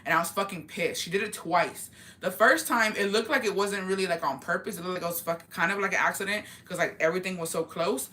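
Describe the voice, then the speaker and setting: Woman vlogger, crisp bright tone, profane and heated casual storytelling. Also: fairly low pitch, a little hiss or hum. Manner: profane, heated, rapid retelling.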